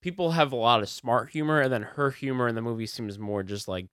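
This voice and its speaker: A man co-hosting a podcast, talking through a movie review in a laid-back, halting way with frequent laughs. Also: mid-range voice, a bit bright, no echo, clean studio sound. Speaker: podcast co-host. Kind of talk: casual movie review chat.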